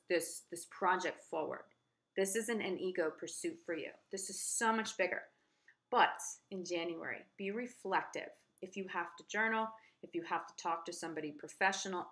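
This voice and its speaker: A woman's voice: lowish voice, bright, forceful tone. A woman giving a casual, earnest tarot horoscope reading, reassuring and repeating herself. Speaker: tarot reader.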